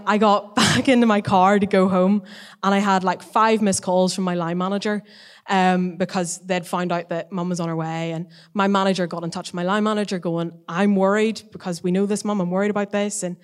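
A young woman tells a story from her workplace to a gathering. She talks casually, with plenty of fillers, and acts out the quoted lines. Her pitch sits in a middle range. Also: brisk. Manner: chatty, many fillers and quoted dialogue. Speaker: student social worker sharing testimony. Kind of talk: casual spoken testimony.

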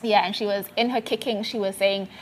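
A woman from South Africa sharing a personal faith testimony in conversation, earnest and halting with many fillers and restarts. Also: mid-range voice, fairly even intonation, slight background noise.

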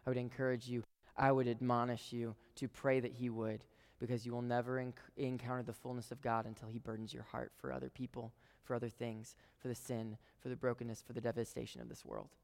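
A man preaching a sermon to a congregation he calls "guys", swinging between emphatic, loud lines and hushed whispers. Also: mid-range voice, brisk, gravelly. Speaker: pastor. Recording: long hall reverb.

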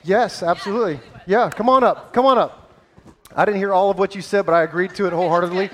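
A man with a strikingly high voice tells a Bible story on stage. He is playful and energetic, joking with his volunteers and the audience as he guides them through the scene. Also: fast, slight background noise. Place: stage before a live audience.

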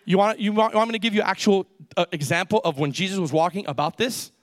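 A pastor preaching a lively sermon, with call-and-response and quick asides to the congregation. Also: male voice, high-pitched.

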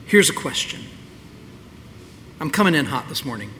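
A man's voice: medium pitch, big pitch swings, moderate pace, bright, forceful tone, in a large hall, a little hiss or hum. A man preaching a sermon as the pastor of his church, talking in a candid, conversational way. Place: church sanctuary.

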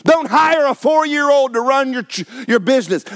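A man's voice: very high-pitched, animated, moderate pace, a bit bright, slight background noise. A middle-aged male pastor, preaching a sermon in a folksy, emphatic way and repeating phrases for effect.

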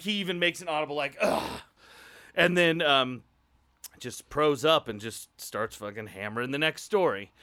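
A man from Iowa telling a work story casually, animated and swearing, his voice jumping high when he retells his outburst. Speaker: improv show performer telling a story.

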